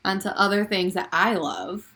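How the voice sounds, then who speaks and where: A woman's voice: mid-range voice, moderate pace, fairly bright tone. A woman co-hosting a casual pop culture podcast, gushing and laughing often, with many "like"s. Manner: gushing, giggly, lots of "like". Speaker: podcast co-host.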